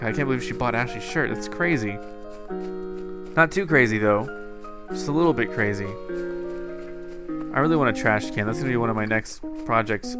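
A young man giving casual, joking commentary on his own gameplay and talking to himself as he plays. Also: mid-range voice. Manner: joking, rambling, self-talking.

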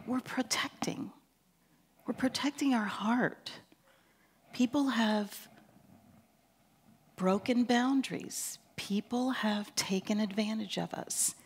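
Woman in her sixties, counseling professor; reflective, filler-heavy seminar talk that often drops soft. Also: medium pitch, slightly rough. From Pennsylvania. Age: 60s. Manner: reflective and conversational, with frequent fillers.

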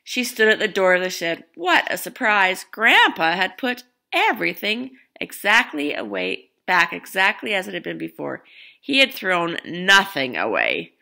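Woman reading a picture book aloud with gravelly edges. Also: lowish voice, sing-song, takes it slowly. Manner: warm asides to young listeners, light laughs. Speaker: storybook reader.

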